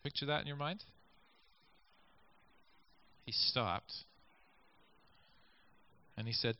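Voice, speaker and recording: Reading scripture and asking listeners to picture the scenes, this male preacher gives a conversational sermon at a slow pace with frequent pauses. His voice is medium-pitched and clean in tone, captured on a dull lo-fi recording.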